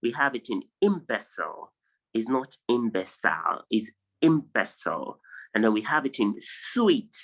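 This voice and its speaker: A man's voice: mid-range voice, very animated, moderate pace, poor audio. A man from Nigeria teaching vowel sounds in an online lesson over a video call, drilling word lists aloud one word at a time. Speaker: English tutor.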